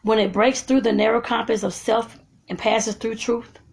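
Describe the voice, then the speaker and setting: A woman with a drawl reads a self-help text aloud at a slow, deliberate pace, as a podcast host. Between passages she drops into folksy, chatty asides to her listeners. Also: on the high side, fairly even intonation, creaky, slightly rough.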